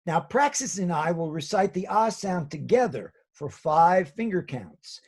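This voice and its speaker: A man teaching a children's drama lesson, giving slow, soothing guided instructions. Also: high-pitched, very animated, darkish tone, breathy edge.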